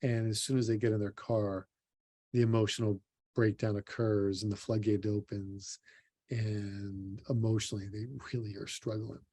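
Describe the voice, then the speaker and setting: A man's voice: on the low side, flat delivery, normal speed, dark tone. Man, sports psychologist, motivational talk, earnest, direct, talks to you. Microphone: recorded for an online symposium.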